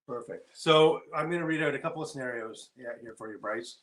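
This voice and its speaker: Podcast co-host, man, medium voice, easygoing, quick to laugh. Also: medium pitch. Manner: reads out quiz scenarios, laughs easily. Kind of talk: casual podcast chat.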